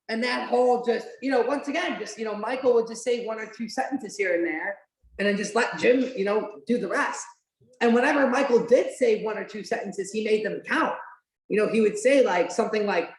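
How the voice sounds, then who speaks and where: A woman's voice: medium pitch, fairly quick. A woman hosting a podcast, chatting casually and animatedly during a watch-along, with lots of "like" fillers and the odd swear. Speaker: podcast host. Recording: roomy echo.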